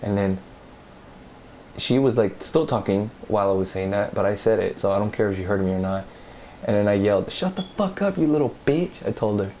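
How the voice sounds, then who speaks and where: On a low-quality recording with slight background noise, a man speaks fairly fast as he tells a rambling, profane personal story. He's animated and mimics what others said in a higher-pitched voice.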